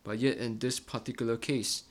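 Middle-aged guy preaching, earnest, mid-pitched voice, tags "right?" on everything. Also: steady tone, normal speed. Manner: earnest, ends many phrases with a tag question "right?". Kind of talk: Bible-study sermon.

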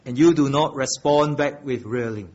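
A man preaching a sermon with emphatic delivery, swinging between loud and soft and repeating key phrases while asking the congregation questions. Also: normal speed, muffled recording. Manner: emphatic preaching with wide swings in pitch and loudness. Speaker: pastor.

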